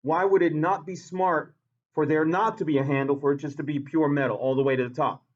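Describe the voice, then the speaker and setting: A man's voice: on the high side, steady tone, fairly quick, highs cut off. A man teaching a science class who repeats key points and quizzes his students. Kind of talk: classroom lecture.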